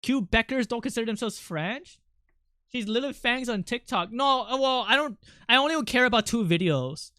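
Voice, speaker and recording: A man's voice: extremely high pitch, animated, moderate pace, bright, forceful tone, clean tone, dry recording, studio quality. A man chatting casually on a livestream, rambling with lots of fillers and restarts. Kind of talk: casual stream chat.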